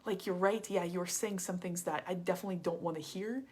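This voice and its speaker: A woman's voice: fairly low pitch, steady tone, brisk, darkish tone, slightly rough. A woman voicing a guarded man at a bar who brushes her off and then grudgingly gives in, barely changing her own voice. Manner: wary, dismissive, then grudgingly admitting.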